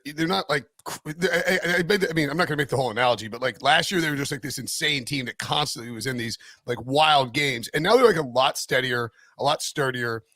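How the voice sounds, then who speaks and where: A man of middling pitch co-hosts a casual sports betting podcast, rambling through his points with restarts and jokes. He often circles back mid-sentence before landing a thought. The recording is dry and close, with no room sound. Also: fast talker, few pauses, pushed and bright, dry recording. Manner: rambling, lots of restarts and "like", jokey. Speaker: podcast co-host, NFL betting analyst.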